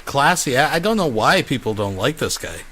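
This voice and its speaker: A man's voice: mid-range voice, sing-song, brisk, fairly bright tone, husky. A man hosting a show, making dry, mocking, sarcastic comments on the clips to his audience.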